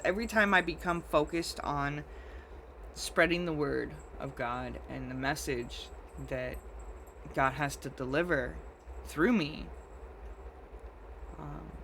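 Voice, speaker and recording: A man preaches an informal livestreamed sermon in an earnest, confessional way, pausing and restarting as he goes. He is close to tears throughout, and a faint hum of noise sits under his voice. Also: fairly high pitch, bright, forceful tone, rough recording. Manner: earnest, emotional, halting and confessional. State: teary.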